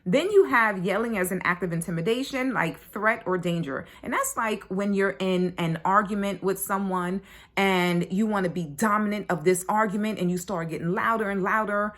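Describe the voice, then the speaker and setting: A woman's voice: mid-range voice, normal speed, fairly bright tone. Chatty woman parenting coach, blunt and casual. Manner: chatty, frequent "right?" and "like", blunt swearing. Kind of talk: casual online course talk.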